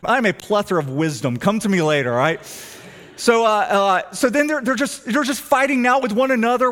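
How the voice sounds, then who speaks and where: A middle-aged man, preaching a sermon and telling stories, swinging between hushed and emphatic delivery. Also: sits high, brisk. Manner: animated storytelling, shifts between hushed and emphatic. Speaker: pastor.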